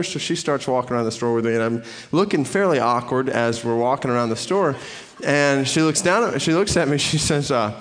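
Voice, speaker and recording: A middle-aged man from the Atlanta area giving a sermon, telling a personal story in an animated way before he reads scripture. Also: medium pitch, a little fast. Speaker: preacher.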